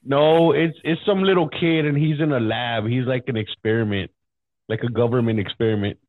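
A man's voice: mid-range voice, moderate pace, narrow, tinny audio. A young man co-hosting a podcast in laid-back casual chat, saying bro and dude. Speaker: podcast co-host.

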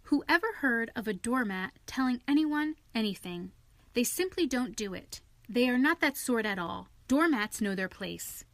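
A woman's voice: fairly high pitch, expressive, moderate pace, dry recording. A woman voicing a timid, stubborn male mole who complains and grumbles in a pettish way.

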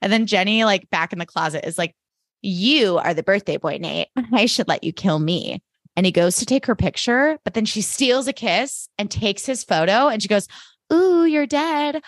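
A woman's voice: medium pitch, moderate pace, no room sound, clean studio sound. A young woman co-hosting a podcast, retelling TV scenes in casual chat, full of "like" and swearing. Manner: animated retelling with lots of "like" and swearing. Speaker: podcast co-host.

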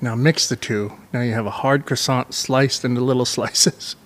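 A man's voice: mid-range voice, fairly even intonation, moderate pace, a bit bright. A man co-hosting a podcast in casual crude banter, laughing often and swearing freely. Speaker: podcast co-host.

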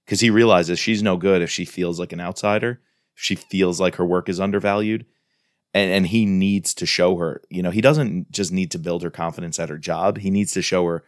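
A man with a deep, steady voice co-hosts a podcast, talking briskly and enthusiastically about a thriller novel and reading quotes from it aloud. The recording is dry with clean studio sound.

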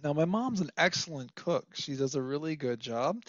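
A man's voice: a little high, lively intonation, moderate pace, dry recording, highs cut off. A young man from Minnesota, a podcast guest, telling a story casually with lots of fillers and laughs.

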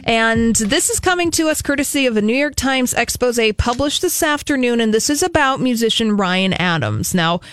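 A woman's voice: fairly high pitch, animated, moderate pace, hardly any pauses, clear, resonant tone, dry recording. A woman co-hosting a talk radio show, chatting casually and reading entertainment news, laughing easily.

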